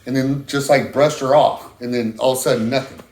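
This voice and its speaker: A middle-aged man telling a long, halting story in a casual interview, full of restarts. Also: mid-range voice, steady tone, darkish tone, roomy sound. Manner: rambling, halting, many restarts. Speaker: interviewee, husband of a stroke patient.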